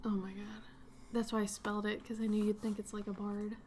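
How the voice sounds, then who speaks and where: A woman's voice: mid-range voice, level tone, fairly quick, darkish tone, a little hiss or hum. A young adult woman streaming her art, chatting casually in a playful, rambling way while she draws. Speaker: artist streamer. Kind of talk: casual chat while drawing.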